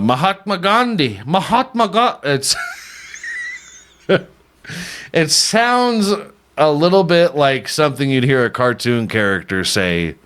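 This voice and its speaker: A man's voice: mid-range voice, fairly bright tone, clear, resonant tone. Irreverent joking male podcast host. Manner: irreverent, swears often, laughs at own jokes. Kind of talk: casual comedic news riffing.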